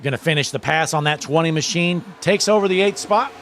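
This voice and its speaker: A man calling an online sim race, giving play-by-play commentary that gets loud and excited at key moments. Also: fairly high pitch, brisk, slight background noise. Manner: excited, raising his voice at the green flag.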